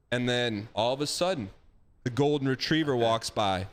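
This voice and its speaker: A man hands out blunt dating advice in a somewhat high, lively voice, animated and emphatic, with folksy comparisons thrown in. He comes across like a host in a casual stream chat, brisk with a clear, resonant tone.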